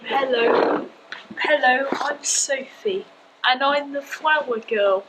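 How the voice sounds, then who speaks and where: A woman's voice: high-pitched, slow pace, fairly bright tone, slight background noise, poor audio. An amateur actress playing a sweet, polite flower girl. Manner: polite, eager. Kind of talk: amateur stage acting.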